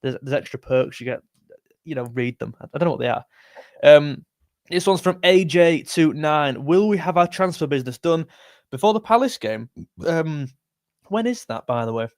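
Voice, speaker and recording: Casual male streamer, a touch high-pitched, dry close mic, chats loosely through comments. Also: expressive, moderate pace, no room sound. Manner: chatty, rambling, self-correcting. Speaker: football livestream host. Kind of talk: live stream chat reading comments.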